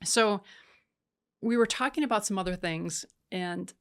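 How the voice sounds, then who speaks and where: A woman coach talking as a podcast guest, telling stories in a lively way, acting out the dialogue, and stressing points with lists and "right?". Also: mid-range voice, a little slow, clear, resonant tone. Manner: animated storyteller who acts out quoted dialogue; emphatic lists and repeated "right?". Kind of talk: conversational podcast interview.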